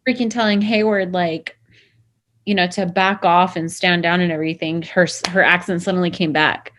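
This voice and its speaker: A woman co-hosting a TV review show in casual chat, talkative and agreeable, with quick asides. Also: lowish voice, steady tone, noisy background.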